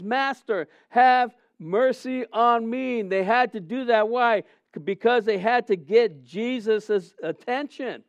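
Earnest pastor, high smooth voice. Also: male voice, dry recording. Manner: earnest, swings from soft to loud, many restarts. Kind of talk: sermon.

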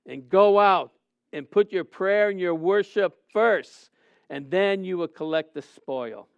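A middle-aged man delivers a sermon as a pastor in a high, smooth voice. He swings between hushed and loud passages and restarts his sentences often. The recording is dry and slightly dull. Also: unhurried, no echo. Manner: earnest, swings from soft to loud, many restarts.

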